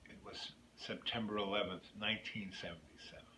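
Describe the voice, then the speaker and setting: This clip features a YouTube host, a man whose voice sits on the low side and comes out fairly quick, pushed and bright. He tells a rambling personal story that keeps drifting into opinions. The recording is in an echoey room with faint noise.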